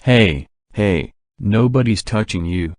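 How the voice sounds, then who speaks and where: A man's voice: fairly low pitch, lively intonation, no echo, clean studio sound. A man voicing a baffled, jumpy male night guard in an audiobook. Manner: slow, alarmed.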